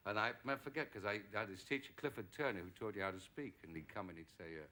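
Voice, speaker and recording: A man's voice: lowish voice, fast. A middle-aged English actor, a talk show guest, telling anecdotes and acting out the voices of people in his stories. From England. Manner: lively storyteller, acts out quoted voices. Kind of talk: anecdotal chat.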